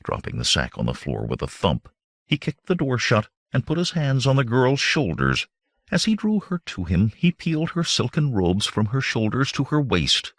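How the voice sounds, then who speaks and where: Man, audiobook narration, gravelly, very lively pitch, dry close sound. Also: moderate pace, dry recording. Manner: dramatic, varied reading. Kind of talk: scripted narration.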